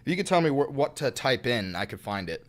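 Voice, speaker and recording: A man's voice: mid-range voice, sing-song, quick pace. A young man hosting a livestream, ranting with heated, profane political commentary. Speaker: livestream host. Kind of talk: live-streamed political commentary.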